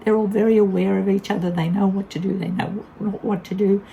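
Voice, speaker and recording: A woman's voice: medium pitch, steady tone, quick pace, gravelly, mellow, a little hiss or hum, low-quality recording. An older woman tells a casual vlog story in a blunt, candid way, laughing often. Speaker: vlogger.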